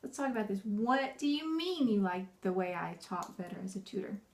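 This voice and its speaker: Brisk and mid-range in pitch, a homeschooling mom chats easily to the camera. She's animated, laughs often, and performs the bossy and cheerful voices she puts on for her kids.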